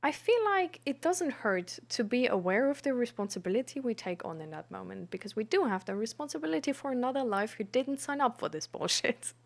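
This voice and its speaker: A woman streamer and peer support coach, chatting frankly and reflectively with her audience, pausing often with fillers. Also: fairly high pitch, big pitch swings, creaky. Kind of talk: casual live-stream chat about mental health.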